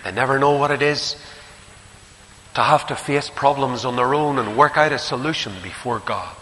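Northern Irish preacher, bright echoing voice. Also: male voice, medium pitch, normal speed. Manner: storytelling, shifting emphasis. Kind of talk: sermon. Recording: echoey hall with faint hiss.

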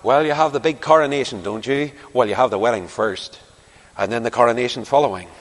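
A man preaching a sermon to a large congregation, telling stories in an animated way and building to emphatic declarations. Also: mid-range voice, a little fast. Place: large church or hall before a congregation. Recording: long hall reverb.

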